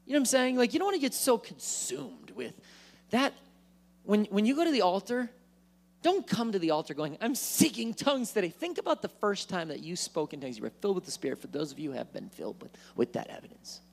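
A man preaching a sermon in church, animated, acting out worried voices and joking asides. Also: high-pitched, a little fast, vocal fry. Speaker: pastor. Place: church sanctuary.

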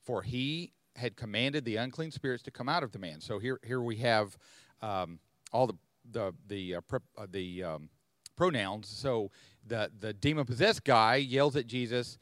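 A man hosting a podcast and teaching from the Bible. He speaks at a mid pitch, explaining things step by step and often pausing to rethink a phrase. The recording is close and dry. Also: fairly bright tone, dry recording. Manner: explanatory, thinking aloud with restarts.

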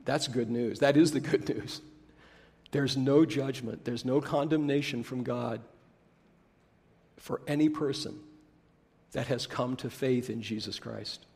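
A pastor preaching a sermon, slowing down to stress key words. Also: male voice, mid-range voice, gravelly, a little mellow. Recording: preached in a hall with long reverb.

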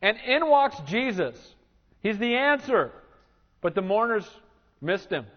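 A man preaching a sermon as pastor, animated and dramatic as he acts out Bible scenes in a church. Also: sits high, slow pace. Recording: reverberant church hall, dull lo-fi sound.

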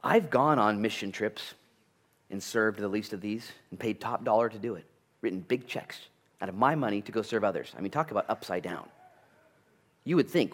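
A man preaching a sermon at a church, conversational and animated, full of asides and rhetorical questions. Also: lowish voice, moderate pace. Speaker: pastor.

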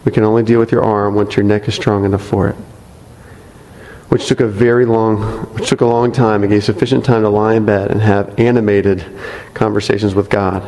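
A man's voice: fairly low pitch, little pitch movement, a little fast, a little mellow, in a large hall, slight background noise, low-quality recording. A man reading a congregant's testimony aloud in a church, earnest and breaking off for light asides, speaking into a microphone. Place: church sanctuary.

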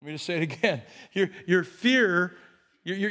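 A man preaching a sermon as pastor, animated and joking, often restarting his words. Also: high voice, normal speed.

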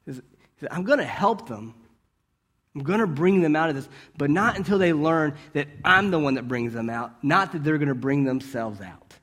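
Higher-voiced man preaching conversationally. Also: lively intonation, normal speed, fairly bright tone. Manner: asks rhetorical questions and checks in with "right?"; storytelling with brief restarts. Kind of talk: conversational sermon.

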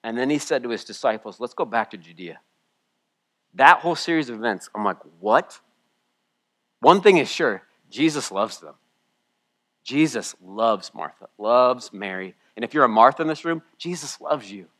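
Male pastor, tearful sermon, swings between soft reading and loud pleading. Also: medium pitch, lively intonation, moderate pace. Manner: emotional, swings from hushed to loud. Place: church room with a congregation.

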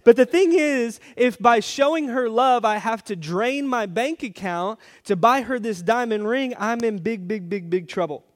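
A man's voice: very high voice, moderate pace, hardly any pauses. A man pastor preaching a sermon, telling a family story with playful asides and repeated phrases.

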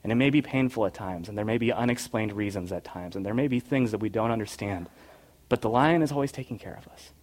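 Soft-spoken man reading a story aloud. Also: on the low side, fast. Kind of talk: storybook reading and devotional talk.

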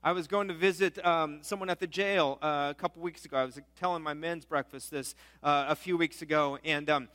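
Bright-voiced pastor preaching in a hall. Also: male voice, on the high side, fairly even intonation, brisk, hardly any pauses. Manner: conversational preaching with rhetorical questions and voiced objections. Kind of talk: sermon.

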